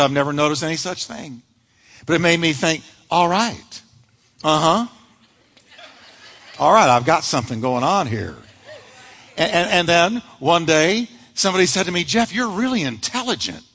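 A man preaching a sermon as pastor, telling stories with lively acted-out voices. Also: high voice. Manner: animated storytelling preacher, acts out quoted voices. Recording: long hall reverb.

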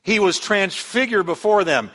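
Animated preaching man, church echo. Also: sits high, normal speed. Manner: animated storytelling, acts out quoted voices. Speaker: pastor. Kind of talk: sermon. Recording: long hall reverb.

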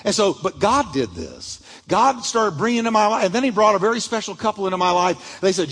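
Male pastor preaching, storyteller who acts out voices, high and lively delivery, recorded in a reverberant sanctuary. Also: a little fast, few pauses, husky. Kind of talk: sermon.

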